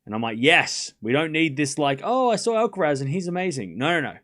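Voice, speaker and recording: A man's voice: a little high, big pitch swings, a little fast, fairly bright tone. A young man hosting a live stream, chatting casually and rambling, often repeating himself. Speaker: host.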